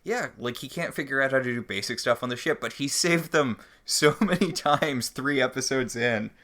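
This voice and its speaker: Very low-voiced woman with dry wisecracks. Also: moderate pace, fairly bright tone. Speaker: podcast co-host. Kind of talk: casual chat recapping a TV episode.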